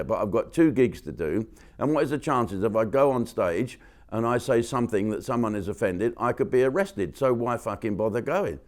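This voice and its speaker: A man's voice: fairly low pitch, darkish tone. A man hosting a comic rant to camera from a studio, sarcastic and profane. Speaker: comedian host.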